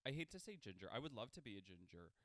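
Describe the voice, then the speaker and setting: A man's voice: lowish voice, big pitch swings, very fast, a bit bright, no echo. A young man from Canada hosting a casual solo podcast, rambling and self-deprecating. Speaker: podcast host.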